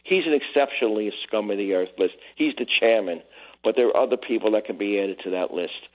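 An older retired man from Brooklyn, calling in to a radio show, talking in an emotional, halting way and repeating himself. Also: lowish voice. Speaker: caller. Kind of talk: call-in radio chat. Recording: tinny phone line.

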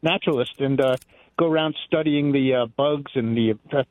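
A man calling in to a radio show, halting and tongue-tied, with many restarts. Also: medium pitch, darkish tone, no room sound. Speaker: caller. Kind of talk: casual call-in chat. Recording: tinny phone line.

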